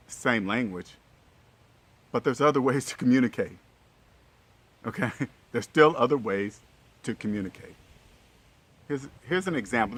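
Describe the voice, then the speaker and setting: A man's voice: medium pitch, fairly bright tone, a little hiss or hum. A man talking casually and earnestly to his viewers, repeating himself often and checking in with "okay?" after his points. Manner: repetitive, keeps checking in with "okay?"; earnest and straightforward. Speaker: relationship vlogger.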